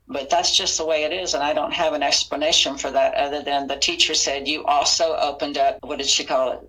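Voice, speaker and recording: A woman's voice: deep voice, bright, forceful tone, rough recording. A woman guest on a podcast interview, earnestly retelling her experiences and acting out the dialogue. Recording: audio interview.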